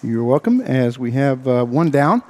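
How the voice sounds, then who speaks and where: A man calling a local baseball game as play-by-play announcer, out of breath and talking in halting bursts full of uhs. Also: medium pitch, big pitch swings, mellow. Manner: halting, filler-heavy play-by-play with frequent uhs. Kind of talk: baseball radio commentary.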